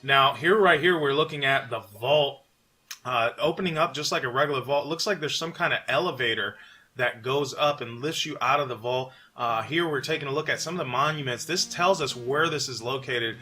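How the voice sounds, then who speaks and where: A man from New York hosting a casual gaming commentary, relaxed and chatty with frequent fillers. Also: mid-range voice, brisk. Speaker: channel host.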